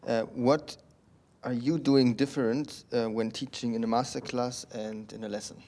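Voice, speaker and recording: A man's voice: medium pitch, fairly even intonation, moderate pace, mellow. Man asking brief interview questions.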